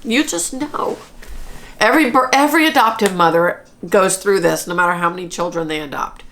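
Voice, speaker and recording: A woman's voice: on the low side, fast, fairly bright tone. A woman in her forties telling a personal story to camera, earnest and chatty, with frequent restarts. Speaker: vlogger.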